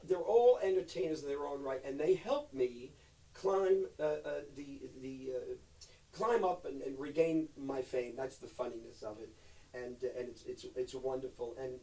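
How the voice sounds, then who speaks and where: A middle-aged man, an actor guest, chatting in a rambling, joking way with loud bursts and swearing. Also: medium pitch, far from the mic, poor audio. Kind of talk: joking live-stream chat.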